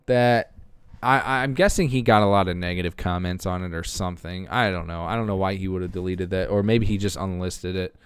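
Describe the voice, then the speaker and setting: A man's voice: low voice, steady tone, fairly quick, hardly any pauses, clean tone, no echo. A man hosting a podcast, talking casually and rambling with lots of fillers and restarts while browsing videos. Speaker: podcast host.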